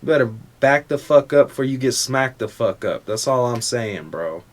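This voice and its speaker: A man's voice: mid-range voice, animated, moderate pace. A young adult man hosting a motivational podcast in a casual, profane, confrontational rant. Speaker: podcast host.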